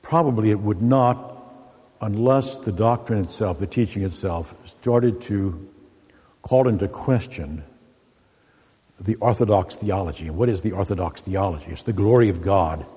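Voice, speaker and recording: A man preaching in a church, his voice deep, dark and a little husky. He moves from folksy stories into measured teaching. The sound rings with a long echo through a large hall. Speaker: Orthodox priest. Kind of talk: sermon with opening jokes. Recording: echoey hall with long reverb.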